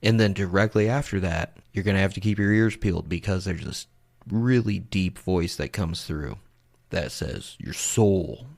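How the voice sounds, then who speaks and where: Gravelly low-voiced man narrating a podcast. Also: normal speed, darkish tone. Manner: blunt, swears casually. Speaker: podcast host narrating clips.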